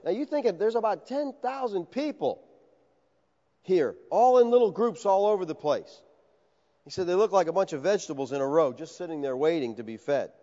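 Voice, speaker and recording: Animated preacher in a reverberant hall. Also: male voice, sits high, moderate pace. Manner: animated, conversational, acts out quoted voices. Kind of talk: expository sermon. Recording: dull sound with long hall reverb.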